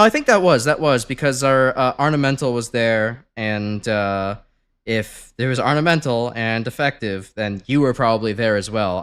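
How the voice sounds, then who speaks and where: A man's voice: medium pitch, a bit bright, clear, resonant tone. A young man streaming a game from home, chatting casually, rambling and swearing with lots of fillers. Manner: rambling, swears often, many fillers, laughs easily.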